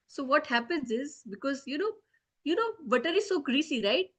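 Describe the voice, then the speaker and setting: A woman teaching children, telling them a story in an animated way and often checking in to ask whether they follow. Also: high-pitched, moderate pace.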